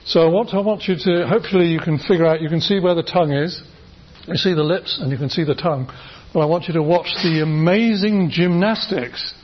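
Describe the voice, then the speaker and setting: Running demonstrations for his class, this middle-aged university lecturer is chatty and enthusiastic, frequently restarting what he says. He has a high-ish, slightly rough voice, captured in a dull, lo-fi lecture recording.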